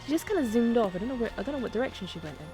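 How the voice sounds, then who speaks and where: A woman's voice: fairly high pitch, lively intonation, racing. A woman streaming a game, chatting casually, swearing freely and reading dialogue aloud. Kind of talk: casual gaming stream chat. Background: faint game music.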